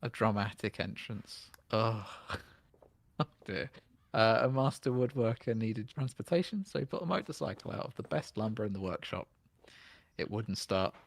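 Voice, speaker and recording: A man's voice: on the low side, lively intonation, normal speed, creaky, no room sound. A man with a London accent chatting casually while streaming a co-op game, reading out jokes and greeting viewers. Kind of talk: casual co-op gaming chat.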